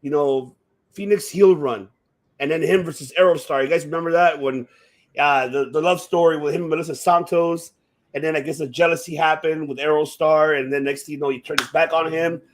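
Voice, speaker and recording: A man hosting a casual chat show, talking excitably with lots of swearing and restarts. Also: on the high side, brisk. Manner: excitable, profane, rambling with many restarts. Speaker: podcast host. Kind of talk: casual chat about wrestling.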